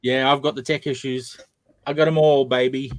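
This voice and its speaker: A man's voice: mid-range voice, level tone, moderate pace, no room sound. A man hosting a casual live-stream chat, chatty and self-mocking. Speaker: host.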